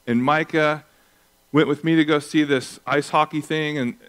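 Man, pastor, sermon, animated storytelling, acts out voices. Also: a little high, normal speed.

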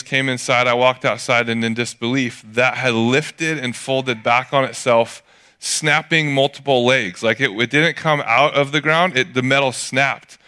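A man's voice: medium pitch, bright, forceful tone, clean tone. A middle-aged man preaching a sermon in a casual storytelling way, from California, with jokey asides. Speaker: pastor.

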